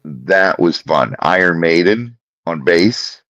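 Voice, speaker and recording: A very deep-voiced man who speaks slowly, his pitch bouncing around as he talks gear with eager, opinionated enthusiasm. The sound is dry and slightly dull, like a modest home podcast setup. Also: animated, fairly bright tone, no room sound. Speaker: podcast co-host; former bass player. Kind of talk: casual chat.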